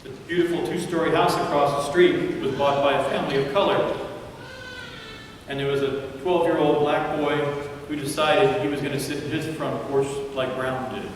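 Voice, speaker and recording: A man preaching a sermon as pastor, telling a story dramatically and dropping to hushed tones at times. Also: on the high side, steady tone, normal speed, a little hiss or hum. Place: large church sanctuary. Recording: echoey church hall from far off.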